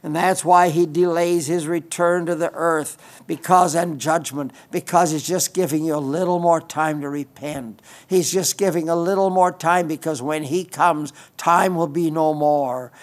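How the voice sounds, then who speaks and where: A man's voice: on the high side, fairly even intonation, a little slow, hardly any pauses. A man preaching a sermon in an earnest way, often repeating phrases for emphasis.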